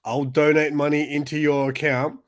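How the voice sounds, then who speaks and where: A young man with a slightly high voice, chatting casually on a podcast. He tells long, rambling stories, breaks off to restart his sentences and fills the gaps with ums and likes. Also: little pitch movement, normal speed. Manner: rambling storyteller with many restarts and fillers. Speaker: podcast co-host. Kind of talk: casual chat.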